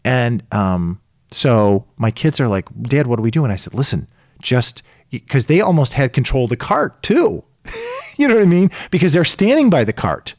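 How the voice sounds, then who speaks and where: A middle-aged man telling a story in casual chat, animated and acting out the voices of the people in it. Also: mid-range voice, moderate pace, no echo, studio quality. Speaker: podcast co-host telling a story.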